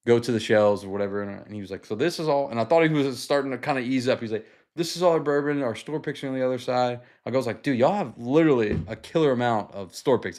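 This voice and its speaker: A young man from the United States hosting a livestream, telling a story in a casual, animated way, full of fillers, acted-out quotes and swearing. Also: medium pitch. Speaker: livestream host.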